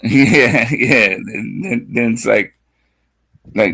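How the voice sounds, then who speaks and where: Male guest, low gravelly voice, sleepy, halting rambling delivery with crude slang. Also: bright, forceful tone. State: sleepy, just woke up. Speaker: livestream guest. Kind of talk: casual rambling storytelling.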